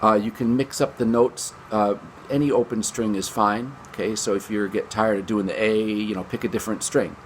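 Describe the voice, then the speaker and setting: A man's voice: fairly low pitch, steady tone, normal speed, slight background noise. A man teaching a string lesson from his basement, upbeat and chatty, counting beats aloud. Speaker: music teacher. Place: home basement.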